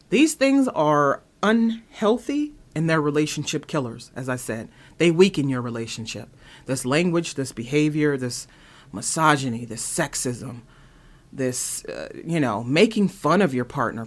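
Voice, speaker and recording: A woman with a low voice hosts her own show, offering opinionated commentary in an exasperated, animated way. She fills it with rhetorical questions.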